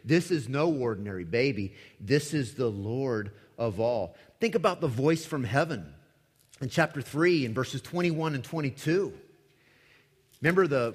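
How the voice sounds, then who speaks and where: A man preaching a sermon with dramatic emphasis, swinging from loud declarations to hushed lines. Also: mid-range voice, lively intonation, a little slow, husky. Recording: echoey hall with long reverb.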